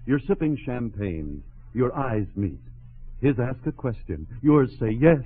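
A man's voice: mid-range voice, very animated, measured pace, husky. A man with a breezy, joking manner, acting in a 1940s radio comedy. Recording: tinny old radio broadcast with audience.

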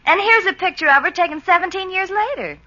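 Brief: scolding girlfriend, high bright lively voice, dull old radio sound. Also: fast talker, exaggerated voice. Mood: exasperated. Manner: scolding, exasperated. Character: exasperated young girlfriend, sweet but impatient. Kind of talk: 1940s radio acting.

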